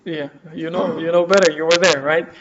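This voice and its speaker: A man's voice: fairly high pitch, fairly even intonation, fairly quick, crowd noise. A man teaching a class and telling a story, with many fillers and restarts, acting out the quoted lines. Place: community center classroom. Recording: dull lo-fi room recording.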